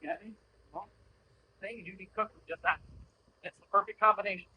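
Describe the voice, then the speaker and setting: Blunt, high-voiced man coaching from horseback. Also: fairly even intonation, fairly quick, highs cut off, noisy background. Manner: blunt, profane, acts out voices to explain; talking while riding a horse. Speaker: horse trainer. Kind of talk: coaching during a training session.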